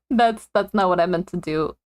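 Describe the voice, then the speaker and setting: A woman chatting casually on a live stream, giggling often and rambling with lots of fillers and self-corrections. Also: lowish voice.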